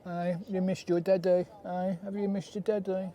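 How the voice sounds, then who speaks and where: British vanlife vlogger, chatty and doting, recorded outdoors with a noisy background. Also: male voice, high voice, level tone, normal speed, hardly any pauses, dark tone. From United Kingdom. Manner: chatty, doting, talks fondly to his dog. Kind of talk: casual vlog chat. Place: in and around a camper van at a campsite.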